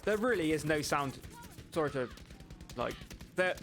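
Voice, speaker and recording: Laid-back streamer over gunfire. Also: male voice, on the high side, animated, measured pace, a little hiss or hum. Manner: laid-back, swearing, rambling with filler words. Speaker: gaming streamer. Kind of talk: casual chat while gaming. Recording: game gunfire loud behind voice. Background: gunfire and game sounds.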